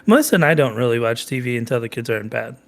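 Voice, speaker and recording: A man's voice: medium pitch, animated, racing. A young man with a mid-range voice, slightly stuffed up. He talks in a chatty, casual way and drops the odd swear word. He is a son co-hosting a family podcast with his father. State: a little stuffed up.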